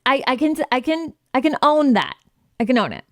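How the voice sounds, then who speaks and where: A woman's voice: sits high, animated, normal speed, dry recording, clean studio sound. A woman hosting a podcast who tells stories with lots of expression, swears freely and acts out conversations in different voices. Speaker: podcast host and business coach. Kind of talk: candid storytelling monologue.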